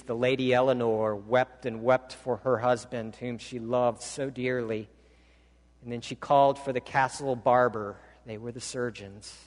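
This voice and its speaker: Man preaching in an echoing church. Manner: dramatic storytelling, voice climbing high for a children's book reading. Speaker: pastor. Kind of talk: sermon. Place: church sanctuary.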